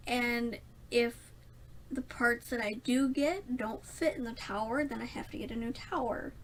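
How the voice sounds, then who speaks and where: A woman's voice: a little high, fairly even intonation, normal speed. A young woman rambling through a casual storytime vlog, self-mocking and laughing often. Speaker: vlogger.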